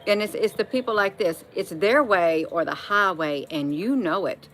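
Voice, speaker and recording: A woman's voice: medium pitch, normal speed, fairly bright tone, slight background noise. A woman talking casually at home in an opinion vlog, emphatic and repeating phrases to drive her point home. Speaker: vlogger. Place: at home, indoors.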